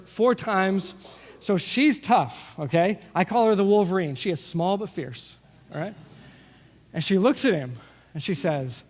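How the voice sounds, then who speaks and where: A middle-aged man preaching a sermon as pastor, telling stories with lively asides and acting out what people said. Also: sits high. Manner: storytelling, animated with asides and acted-out quotes. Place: church sanctuary. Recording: long reverb of a large hall.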